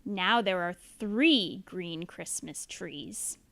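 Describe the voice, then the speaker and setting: A woman's voice: fairly low pitch, very slow, gravelly, a bit bright, dry recording. A woman reading a children's picture book aloud in a playful, bouncy manner. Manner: playful, bouncy, with animal noises. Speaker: storybook reader. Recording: dry and close.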